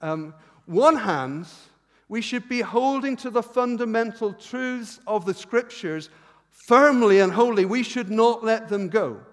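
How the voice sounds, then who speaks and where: Animated high-voiced pastor preaching in a reverberant church. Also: male voice, measured pace. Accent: regional accent. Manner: animated, self-deprecating, with many restarts. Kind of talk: sermon. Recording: long reverb in a church hall.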